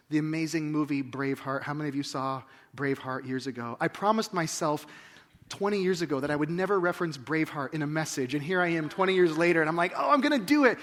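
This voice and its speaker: A man in his forties delivers a sermon in a church, his voice sitting high for a man. He talks to the congregation like a conversation, firing off rhetorical questions. He swings from hushed and slow to loud and fired up. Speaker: pastor.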